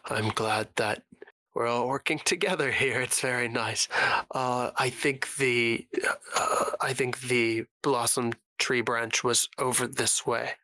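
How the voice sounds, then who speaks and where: A man voicing a nervous male companion in a tabletop game, speaking in a hesitant, halting way. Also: medium pitch, fairly even intonation, pushed and bright, no echo.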